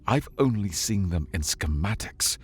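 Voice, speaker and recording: A man's voice: deep voice, lively intonation, a little slow, slightly rough, heavily acted. A man voicing a tough female scavenger with a rifle, speaking curtly and coolly. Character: tough female armed salvage thief.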